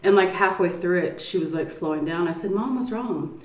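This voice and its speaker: A middle-aged woman vlogging while she eats, telling a story in a lively, cursing style. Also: fairly low pitch, fairly quick. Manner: lively storyteller who curses and acts out quotes. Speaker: mukbang vlogger. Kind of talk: casual storytelling while eating. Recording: roomy, mic at a distance.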